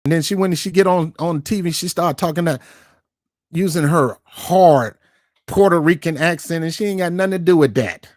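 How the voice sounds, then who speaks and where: A man's voice: a little high, normal speed, a little mellow, no echo, clean studio sound. Fired-up man ranting on camera. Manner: emphatic, confrontational, repeats words for stress. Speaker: YouTube commentary host. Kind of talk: ranting political commentary.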